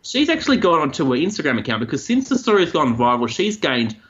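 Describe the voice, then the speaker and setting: A man's voice: a little high, fast, highs cut off. A man, co-hosting a podcast and chatting casually about odd news stories. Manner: chatty, animated storytelling. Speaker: co-host.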